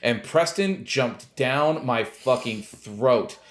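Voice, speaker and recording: A man co-hosting a gaming podcast teases his friends with dry sarcasm. He swears casually while he talks. His voice sits at an ordinary middle pitch. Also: animated, slow pace. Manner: sarcastic, teasing, swears freely. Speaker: podcast co-host. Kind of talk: casual chat.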